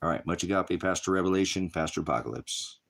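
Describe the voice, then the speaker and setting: A man's voice: low-pitched, fast talker, vocal fry, a bit bright. A middle-aged man, a pastor of an online ministry, giving a rambling, impassioned casual sermon. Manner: rambling and impassioned, mocks with put-on voices.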